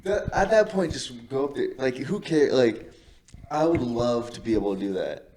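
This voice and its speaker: A man's voice: mid-range voice, animated, normal speed, darkish tone. Blunt young guy chatting on a podcast, cusses a lot, little bit of noise behind. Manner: blunt, casual, swears freely. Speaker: podcast co-host. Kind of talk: casual chat.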